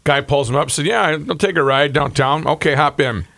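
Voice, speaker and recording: A man co-hosting a casual chat, telling family stories and jokes with animated delivery. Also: on the high side, normal speed, creaky. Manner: animated storyteller who acts out punchlines.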